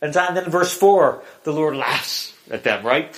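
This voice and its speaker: A man preaching a sermon, retelling a film scene with animated drama before turning to scripture. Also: on the high side, a little slow.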